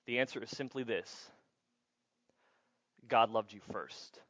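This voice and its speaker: A man preaching a sermon as pastor, playful and animated, acting out little scenes for the congregation. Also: lowish voice, slow pace, dry recording.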